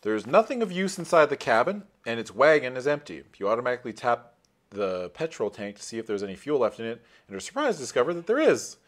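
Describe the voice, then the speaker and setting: A man's voice: mid-range voice, very animated, quick pace. A man reading a choose-your-own-adventure book aloud during a tabletop stream, casual and joking with frequent swearing. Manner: profane, joking. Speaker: player reading a gamebook aloud.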